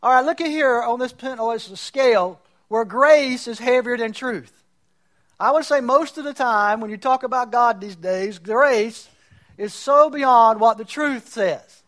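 Preaching unhurriedly, a man with an extremely high and somewhat bright voice gives a sermon. As he develops his argument, he imitates and mocks those he disagrees with.

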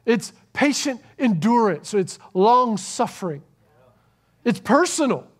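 A man preaching a sermon to a church congregation, earnest, swinging between loud emphasis and hushed, near-whispered lines. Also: very high-pitched, sing-song, slow pace. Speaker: pastor.

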